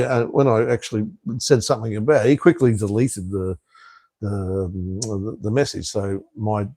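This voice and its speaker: With a fairly low, mellow voice carrying vocal fry and a breathy edge, this Australian-accented man from Tasmania, in his fifties, chats casually on a live stream. He reads viewer comments and gives blunt answers, swearing freely and chuckling as he goes. There's no echo.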